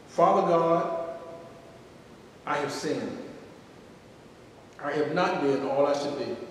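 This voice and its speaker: Male pastor, high preaching voice, far from the mic in a booming hall. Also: a little hiss or hum. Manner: preaching with rising, sung emphasis. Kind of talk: sermon and altar call. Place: large church sanctuary. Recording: echoey hall, distant mic.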